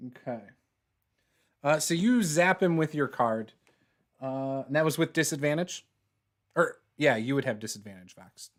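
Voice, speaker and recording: A man running a tabletop game as dungeon master, relaxed and quick to laugh. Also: on the high side.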